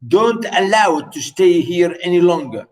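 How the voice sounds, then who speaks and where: A man's voice: high voice, lively intonation, normal speed, darkish tone, recorded from a distance, poor audio. A man teaching a play, hesitant, with many fillers, repeating and rewording phrases as he explains. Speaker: literature teacher.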